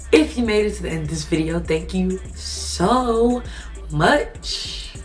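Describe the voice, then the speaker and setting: Slow-talking young woman vlogger. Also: on the low side, expressive, soft background music. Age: 20s. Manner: chatty and gushing, with many fillers like "like" and "you know". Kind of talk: casual storytelling to camera.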